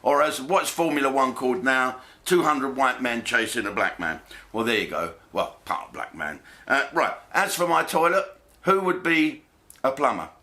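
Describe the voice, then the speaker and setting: Swearing comic with a bright voice. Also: male voice, medium pitch, expressive, normal speed. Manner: blokey, swearing, jokey asides and put-on voices. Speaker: comedian host. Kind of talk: comic monologue to camera.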